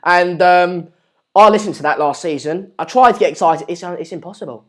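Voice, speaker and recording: A man's voice: high voice, fairly quick, fairly bright tone. A man with an English accent hosting a live stream, chatting casually and reading out viewer comments in a rambling, jokey, self-deprecating way. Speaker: livestream host.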